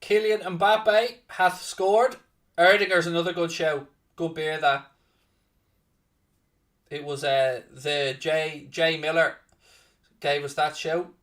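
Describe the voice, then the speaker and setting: Excitable man calling a live match. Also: fairly high pitch, slow, long pauses, recorded from a distance. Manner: chatty, bursts into loud excited shouting. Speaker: watchalong host and commentator. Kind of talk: casual live match commentary.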